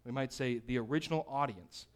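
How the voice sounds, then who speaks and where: A man teaching a Bible study class, energetic and often checking in with his listeners. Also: medium pitch, a little fast.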